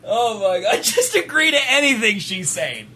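A man's voice: high-pitched, sing-song, pushed and bright, a little hiss or hum. A man co-hosting a casual chat, teasing and joking. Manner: joking, teasing, quick to laugh. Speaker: co-host.

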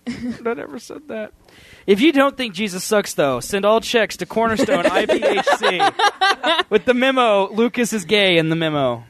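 Sarcastic high-voiced young man. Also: very animated, normal speed, a bit bright, a little hiss or hum. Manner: dry sarcastic jokes. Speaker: co-host. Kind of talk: casual radio show banter.

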